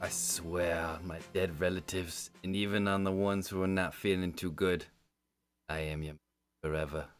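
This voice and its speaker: A man putting on a hushed, mock-dramatic voice as someone swearing a solemn oath. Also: low voice, fairly even intonation, moderate pace, soft background music, voice pushed down, lightly acted.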